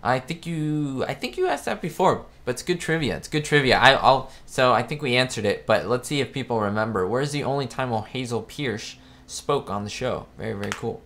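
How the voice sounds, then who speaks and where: A man's voice: medium pitch, animated, fairly quick, few pauses, fairly bright tone, slight background noise. A man hosting a live chat stream, talking casually in a rambling way, often stopping to correct himself. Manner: rambling, chatty, self-correcting. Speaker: host of a live chat show. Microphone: webcam setup.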